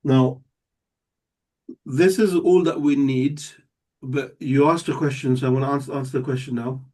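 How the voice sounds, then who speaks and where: A man's voice: medium pitch, fairly even intonation, normal speed, a little mellow. Guy teaching a class, patient, keeps checking everyone follows, kinda far off the mic. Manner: patient, explains step by step and checks understanding. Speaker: Arabic teacher. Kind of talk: live classroom lesson. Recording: voice somewhat distant from the mic.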